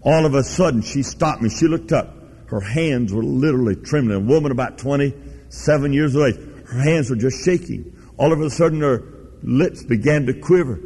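A man's voice: mid-range voice, normal speed, dark tone, slightly rough. A man preaching a sermon, telling a story in a folksy, emphatic way. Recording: long reverb of a large hall.

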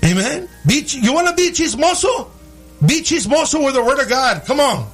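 A man preaching a sermon in English and Spanish, calling his listeners brother and rising into shouted, sing-song cadences. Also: very high voice, big pitch swings, moderate pace, soft background music. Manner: preaching, switching between English and Spanish, calling out "hermano" and "amen". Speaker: pastor. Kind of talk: bilingual sermon.

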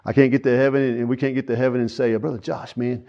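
A man's voice: medium pitch, little pitch movement, quick pace, mellow. A man preaching a sermon as pastor, earnest and folksy, with frequent fillers. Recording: dull lo-fi sound.

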